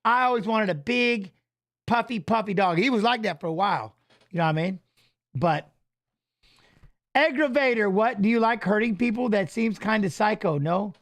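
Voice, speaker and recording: A man's voice: sits high, normal speed, fairly bright tone. A man co-hosting a fight watch-along stream, chatting loosely and jokingly, reading viewer comments aloud and swearing casually. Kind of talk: casual live-stream chat.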